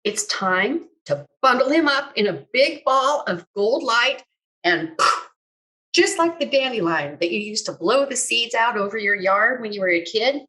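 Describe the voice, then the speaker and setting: A woman quoting a kind, upbeat older male mentor in a warm, coaxing, reassuring way. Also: fairly high pitch, expressive, unhurried, rough recording. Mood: gentle, soothing.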